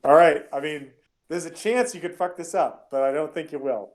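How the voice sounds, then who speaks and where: A man runs a tabletop role-playing session, narrating scenes and calling for dice rolls in a loose, rambling way with lots of fillers. His voice sits a little higher than most men's. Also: normal speed. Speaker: game master.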